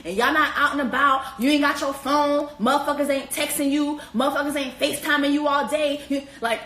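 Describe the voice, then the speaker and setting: Animated, profane woman in an echoey room. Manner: animated, slangy and profane, with high-pitched exclamations. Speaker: host. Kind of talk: casual reality-TV commentary.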